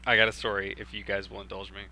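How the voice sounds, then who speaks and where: A young man from Texas telling a story in casual chat, animated and swearing freely. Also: on the low side, quick pace. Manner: animated, swearing, acts out voices in his story. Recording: faint background hum.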